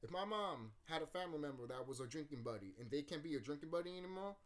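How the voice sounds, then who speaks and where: Animated swearing man reviewing a movie. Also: on the high side, fast talker. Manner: animated, swearing, laughing, acting out scenes. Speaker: YouTube channel host. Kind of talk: casual movie review rant. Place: room at home.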